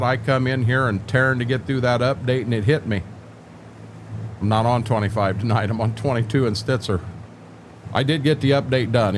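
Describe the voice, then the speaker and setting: Older male streamer, folksy rambler, mid-pitched voice, faint background noise. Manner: rambling, folksy, joking, repeats words. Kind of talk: casual live-stream chat with viewers.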